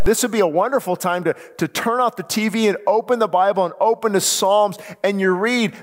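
High-voiced pastor preaching in a hall. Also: male voice, lively intonation, normal speed, few pauses. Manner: earnest, repetitive restarts, crying-out prayers. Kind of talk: sermon.

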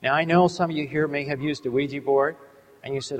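A middle-aged man preaching to an audience, telling a story in an earnest, measured way and slowing down to stress key words. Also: a little high, fairly even intonation. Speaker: Christian ministry speaker. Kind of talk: sermon with a storytelling testimony. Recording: long hall reverb.

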